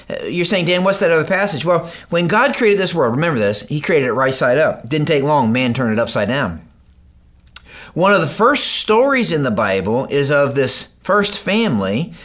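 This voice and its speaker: Male pastor, sermon, animated delivery, slightly high voice, casual preaching tone. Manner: animated, conversational preaching with acted-out quotes.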